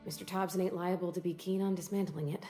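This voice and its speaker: A woman plays a shy, folksy young space-frontier mechanic girl in a video game, speaking in a homespun drawl. Her voice sits a little low for a woman, with soft game music behind her. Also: steady tone, fast talker, natural voice. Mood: matter-of-fact.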